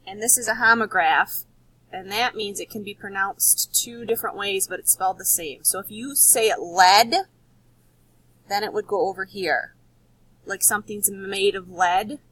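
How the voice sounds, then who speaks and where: A woman teacher giving a recorded spelling lesson to children, patient and explaining slowly, repeating words. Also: mid-range voice, fairly bright tone, slightly rough, poor audio.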